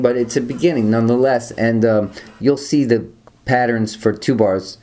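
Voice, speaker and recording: A man teaching guitar rhythms, explaining step by step in a relaxed way and counting beats aloud. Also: medium pitch, normal speed. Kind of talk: instructional talk with counting.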